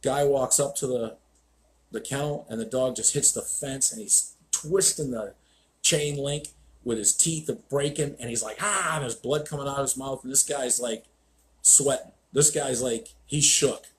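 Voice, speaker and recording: A man's voice: mid-range voice, fairly even intonation, moderate pace, slight background noise. Blunt, profane man ranting on a stream. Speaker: host, dog trainer. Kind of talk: live-stream monologue.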